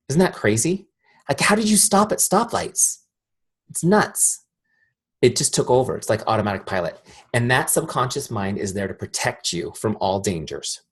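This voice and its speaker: A husky-voiced man teaches a sales training in a direct, energetic way. He often turns to the audience with questions. His voice sits at an ordinary middle pitch. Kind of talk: live training talk.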